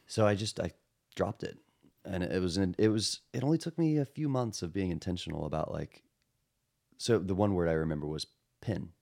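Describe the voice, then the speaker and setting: A man in his thirties from Texas, a guest in a relaxed podcast conversation, reflective and self-deprecating, talking in a house. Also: low-pitched, gravelly. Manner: reflective, self-deprecating, quick to mimic voices. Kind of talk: casual chat. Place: room in a house.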